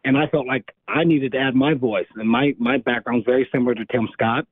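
A hoarse man speaking as a guest in a phone interview, in a measured, earnest way. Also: mid-range voice, steady tone, no room sound. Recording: tinny phone line, dry.

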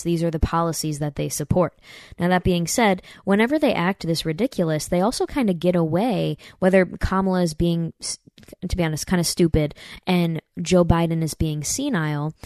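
A woman's voice: on the low side, a little mellow, no echo, clean studio sound. A woman hosting a podcast, giving emphatic political commentary and addressing listeners directly as "you guys". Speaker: podcast host.

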